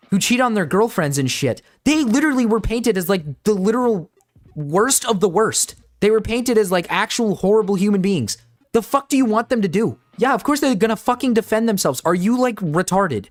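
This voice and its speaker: A man doing reaction commentary, ranting in exasperation and swearing often, talking to his chat like a streamer. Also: sits high. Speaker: drama commentator.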